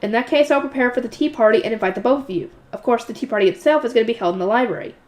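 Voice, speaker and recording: A polite, courteous young noble girl arranging plans, as a woman reads her lines aloud. Her voice sits slightly high and stays measured. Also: darkish tone, lightly acted. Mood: pleased.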